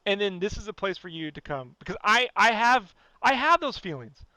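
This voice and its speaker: A man's voice: high-pitched, big pitch swings, normal speed, pushed and bright, no room sound. A man hosting a podcast, ranting in a blunt, profane, rambling way and leaning on "you know" constantly. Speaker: podcast host. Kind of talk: casual podcast rant.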